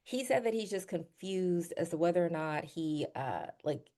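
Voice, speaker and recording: A woman's voice: fairly low pitch, animated, normal speed, dark tone. A woman on a video call asking a question hesitantly, with frequent restarts. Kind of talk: live Q&A question.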